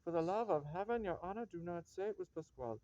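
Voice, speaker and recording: A man's voice: sits high, lively intonation, fast, mellow, dry recording. A man reading a wheedling comic manservant. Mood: pleading. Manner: pleading and wheedling. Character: loyal, scheming male servant, chatty. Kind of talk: amateur reading of a stage comedy. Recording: dull lo-fi recording.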